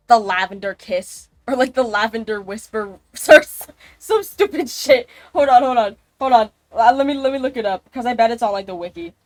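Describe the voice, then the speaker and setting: A woman with a mid-range voice and no echo streams a game live. She chats casually and ramblingly, swearing freely.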